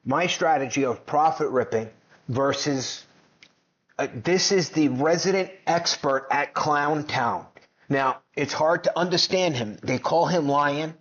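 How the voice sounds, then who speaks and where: Brash mocking man, dull lo-fi sound. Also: a little high. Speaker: finance commentator. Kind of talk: combative commentary over clips.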